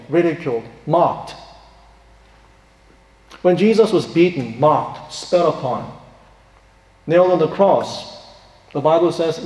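A man's voice: on the high side, dark tone. A male pastor preaching a sermon, earnest, rising sharply on points of emphasis. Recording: echoey hall with long reverb.

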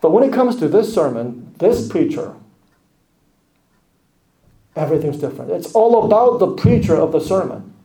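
A man preaching a sermon emphatically, with hushed asides. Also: on the high side, sing-song, moderate pace, long pauses. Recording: echoey room.

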